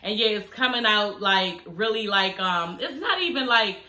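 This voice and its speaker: A woman's voice: mid-range voice, animated, moderate pace, bright, forceful tone, roomy sound. A woman vlogger recapping a reality show from home in casual, slangy chat, laughing often, her speech slightly slurred by new dental aligners.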